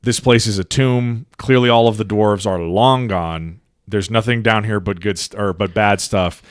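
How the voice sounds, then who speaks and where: A man's voice: on the low side, normal speed, no room sound. A man co-hosting a podcast, telling movie scenes in casual chat with lots of swearing and acted-out lines. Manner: excited, swearing storyteller who acts out scenes. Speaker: podcast co-host.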